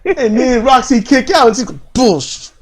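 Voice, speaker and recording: A wrestling podcast co-host talking casually and animatedly. The speech is lively, full of laughter and playful impressions of the other host, with a voice that leaps widely in pitch. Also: normal speed. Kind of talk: casual wrestling commentary chat.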